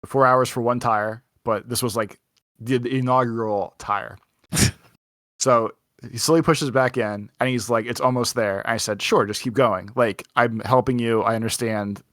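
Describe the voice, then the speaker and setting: A man's voice: mid-range voice, steady tone, moderate pace, fairly bright tone, no echo, clean studio sound. A young man co-hosting a podcast, telling a rambling anecdote full of "like" and acted-out quotes in a casual chat. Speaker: podcast co-host.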